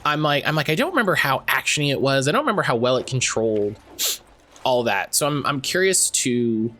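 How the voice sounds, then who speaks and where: A man's voice: medium pitch, lively intonation, fairly quick, sharp tone. A man casually commentating while livestreaming a game, rambling and chatty and laughing easily. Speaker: livestream gaming host.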